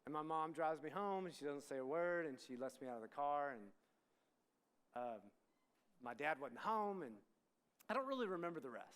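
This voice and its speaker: A man's voice: fairly high pitch, lively intonation, moderate pace, long pauses, fairly bright tone, clean tone. A middle-aged man from Texas, a student ministry pastor, giving a candid youth sermon with many restarts and asides to the crowd. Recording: long hall reverb.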